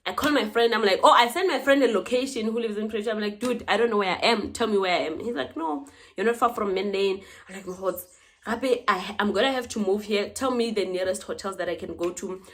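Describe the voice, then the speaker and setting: A young woman with a South African accent, telling a personal story casually and acting out the dialogue with animated, dramatic flair. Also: mid-range voice, fast. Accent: South African English. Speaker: vlogger.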